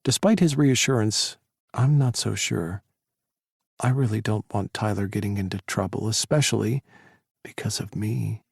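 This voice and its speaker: A male narrator telling a first-person romance audiobook in a steady, even storytelling voice. His tone has a gravelly rasp at the edges, recorded close and dry on a studio mic. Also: on the low side, normal speed, no echo.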